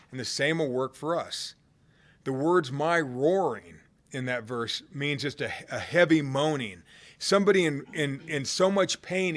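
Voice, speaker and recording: Man preaching with dramatic loud-soft swings. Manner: dramatic swings from loud cries to hushed low tones; conversational, with fillers and restarts. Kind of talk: sermon.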